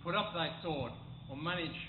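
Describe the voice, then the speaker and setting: Guy reading a young peacekeeper, calm and placating, far off in an echoey tinny hall. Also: fairly high pitch, normal speed, slight background noise, natural voice. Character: calm young man trying to keep the peace. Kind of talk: amateur stage reading of a play scene. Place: conference hall stage.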